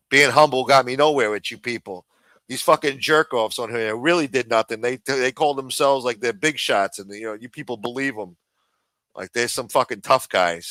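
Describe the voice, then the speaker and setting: Profane, bright-voiced male streamer ranting. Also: mid-range voice, moderate pace, no echo. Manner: profane and combative, many fillers and "bro"; repeats phrases and mutters asides. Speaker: live stream host. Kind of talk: casual livestream rant.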